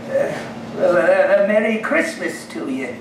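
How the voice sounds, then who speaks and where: An actor playing the old miser Scrooge, now reformed, gushing and laughing in a live staged radio play. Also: male voice, sits high, expressive, a little slow, background noise. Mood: warmly humble. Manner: breathless, gushing, laughing between phrases. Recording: echoey room, heard from far off with music.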